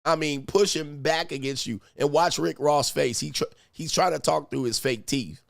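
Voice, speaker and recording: Animated man reacting to a clip. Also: fairly high pitch, normal speed, vocal fry, no echo, studio quality. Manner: animated, profane, laughing asides. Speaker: commentary channel host. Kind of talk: casual reaction commentary.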